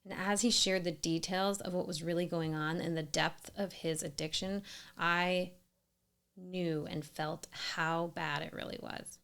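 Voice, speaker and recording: Earnest woman with vocal fry. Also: lowish voice, fairly even intonation, a little slow. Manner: earnest, emphatic, with soft whispered asides. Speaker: storyteller sharing a personal experience. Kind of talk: scripted personal narration.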